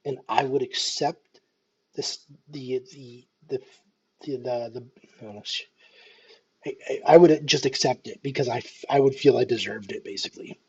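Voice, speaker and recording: Canadian guy in his 30s w a faint scottish lilt, rambling nervous vlog, husky voice, kinda dull lo-fi sound. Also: medium pitch, moderate pace, a little mellow. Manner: self-deprecating, hesitant, full of restarts and ums. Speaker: vlogger. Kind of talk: casual nervous vlog monologue. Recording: dull lo-fi home recording.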